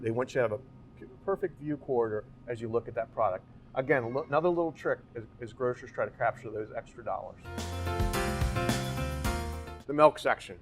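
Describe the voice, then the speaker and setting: A man guiding a walking tour through a grocery store, explaining its layout and asking rhetorical questions as he points things out. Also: mid-range voice. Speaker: real estate company guide.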